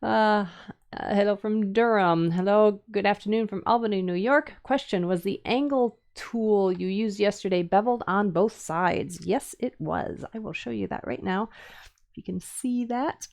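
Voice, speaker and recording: This middle-aged woman speaks at a moderate pace in a medium-pitched, slightly mellow voice with vocal fry. Teaching woodcarving on a live stream, she rambles casually through her demonstration, full of fillers and restarts, in the Upper Midwest American accent of Minnesota and Wisconsin.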